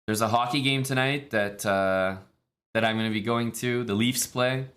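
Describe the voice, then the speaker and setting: A man from Canada, streaming chess in a relaxed, chatty way with many fillers. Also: mid-range voice, moderate pace. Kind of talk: casual live-stream commentary.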